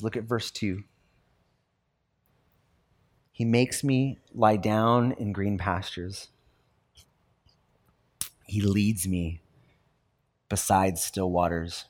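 A man in his thirties preaching a sermon in a loose, conversational way, with lots of fillers and lively storytelling. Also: lowish voice, slow pace, long pauses. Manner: conversational and animated, many fillers. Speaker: pastor.

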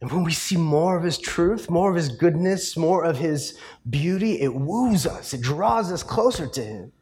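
A man's voice: on the high side, lively intonation, normal speed, a little mellow. A male pastor preaching a sermon in a conversational storytelling way, full of fillers and tag questions. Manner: rises to passionate emphasis in the closing points.

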